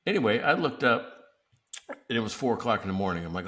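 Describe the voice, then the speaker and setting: A man's voice: lowish voice, very animated, fast, pushed and bright. A man hosting a casual business podcast, telling stories animatedly and laughing often. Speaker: podcast host. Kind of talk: casual chat.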